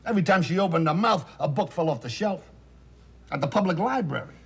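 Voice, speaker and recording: An actor playing a loud, wisecracking, self-pitying middle-aged talent agent in a 1970s television drama. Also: male voice, high voice, animated, brisk, vocal fry, husky, heavily acted. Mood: bitter. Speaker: theatrical agent.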